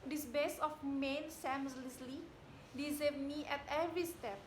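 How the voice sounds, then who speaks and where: A young woman playing a proud young widow in an amateur stage reading, speaking in a declamatory way that climbs to indignant shouting. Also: high voice, steady tone, normal speed, slight background noise, lightly acted. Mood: bitter grief. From Indonesia. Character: proud young widow, haughty and quick to anger. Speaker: student actor. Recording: echoey room.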